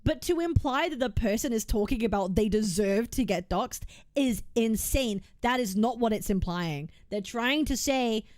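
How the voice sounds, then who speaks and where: A woman's voice: a little high, lively intonation, moderate pace, darkish tone, no room sound, clean studio sound. A woman streamer making a heated, argumentative case on stream, emphatic and often repeating herself. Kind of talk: heated reaction rant.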